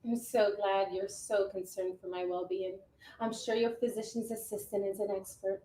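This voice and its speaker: A woman's voice: medium pitch, steady tone, normal speed, warm tone, close to an everyday voice. A woman playing a curt, sarcastic divorced mother in acted drama dialogue. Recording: roomy with faint noise.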